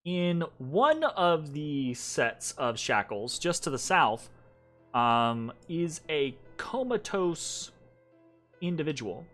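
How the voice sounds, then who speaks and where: Slow, bright-voiced man narrating a game. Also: a little high, sing-song. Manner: slow, reads descriptions with fillers. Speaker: game master. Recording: faint background music.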